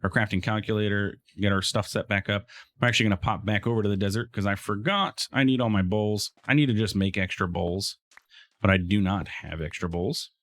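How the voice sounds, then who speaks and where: Chatty lower-voiced man playing a game. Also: fairly even intonation, fairly quick, fairly bright tone. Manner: chatty, talks to game mobs, frequent fillers and restarts. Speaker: let's play host. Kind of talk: casual gameplay commentary.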